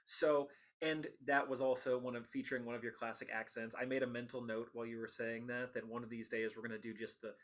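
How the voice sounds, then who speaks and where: A man's voice: mid-range voice, flat delivery, fast. A man hosting a casual interview podcast, talking enthusiastically and laughing often. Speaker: podcast host.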